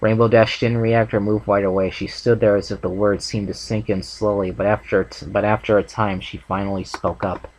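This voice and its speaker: A man's voice: on the low side, little pitch movement, fairly quick, few pauses, low-quality recording. A man reading a fanfic aloud for his channel in a plain way, with a few stumbles and restarts. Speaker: channel host and fanfic reader.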